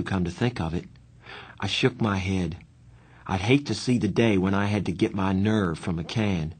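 A man narrating a novel aloud in the first person, with a low, husky voice. He tells the story in a plain, steady way. His reading stays even and unhurried. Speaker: audiobook narrator.

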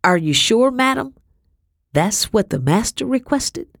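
A woman voicing a young kitchen servant who speaks slowly with mock-innocent, pointed questions. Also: fairly high pitch, very animated, vocal fry, no echo, studio quality, pitched above the performer's own voice, full character voice. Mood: sly.

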